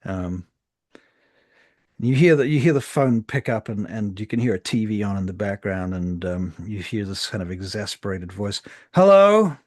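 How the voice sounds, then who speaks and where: A man narrating a tabletop game as game master, in a relaxed manner full of fillers. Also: lowish voice, moderate pace, no echo, studio quality.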